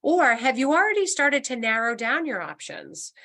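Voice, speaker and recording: A middle-aged woman leads a webinar about planning life changes, speaking as a senior move manager. Her voice is bright and clear, and she talks in an encouraging, reassuring way. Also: sits high, big pitch swings, normal speed. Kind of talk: webinar presentation.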